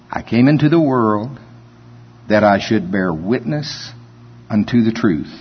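A man preaching a sermon in a folksy way, reading scripture slowly and building to emphatic points. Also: lowish voice, breathy edge. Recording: dull lo-fi recording with long reverb.

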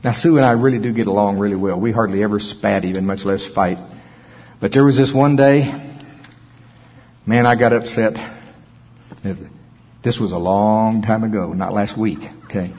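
Husky middle-aged preacher guy, folksy storytelling sermon, big auditorium with long echo. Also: fairly low pitch. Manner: folksy, storytelling with chuckles and dramatic hushed pauses. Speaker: pastor. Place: large auditorium. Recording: dull, long-reverb hall sound.

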